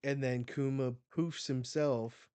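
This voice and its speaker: A man hosting a live manga reaction, retelling the chapter excitedly and swearing as he goes. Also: mid-range voice, takes it slowly, clean tone, dry recording.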